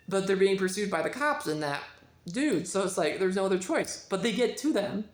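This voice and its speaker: A woman talking through a book review in a casual, chatty vlog, acting out the dialogue with sudden jumps in pitch. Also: animated, brisk.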